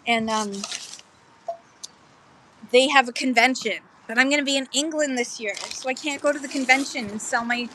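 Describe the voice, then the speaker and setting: A chatty woman hosts a live-stream pottery auction from outdoors in a park. Her voice is bright and slightly high. She explains pieces eagerly between bids, and faint outdoor noise runs under her voice. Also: moderate pace, long pauses, low-quality recording.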